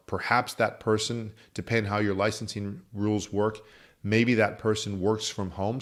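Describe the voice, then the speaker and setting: A man teaching as a business coach, explaining methodically with worked examples. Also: lowish voice. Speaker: insurance agency coach. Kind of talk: instructional talk.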